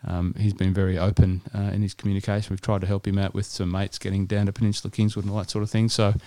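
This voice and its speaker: A man's voice: lowish voice, level tone, fast talker, warm tone. An Australian man co-hosting a podcast, telling stories in casual chat with frequent restarts. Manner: chatty storytelling with restarts. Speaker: podcast co-host.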